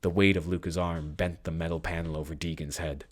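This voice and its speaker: A man narrating a tense story in a measured, dramatic voice. His voice is extremely deep, with a husky, grainy edge. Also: flat delivery. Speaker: audiobook narrator.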